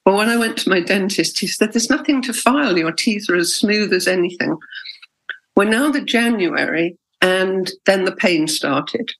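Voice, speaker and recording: A woman's voice: medium pitch, moderate pace, vocal fry, fairly bright tone, rough recording. A middle-aged woman, telling her own story in an interview, candid and emotional, with hesitations. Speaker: interviewee, patient. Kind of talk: personal interview.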